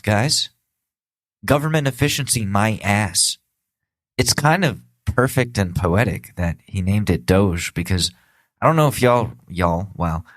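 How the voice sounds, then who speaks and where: A man's voice: fairly low pitch, no echo. A man hosting a podcast, ranting sarcastically with lots of swearing in a comedic political monologue. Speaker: podcast host.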